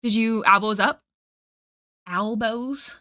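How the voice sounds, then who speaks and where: Bright-voiced chatty woman streamer. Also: medium pitch, animated, moderate pace, dry recording, clean studio sound. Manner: chatty, rambling, self-deprecating, reads chat aloud. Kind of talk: casual chat while drawing on stream. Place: home room at night. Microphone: desk mic.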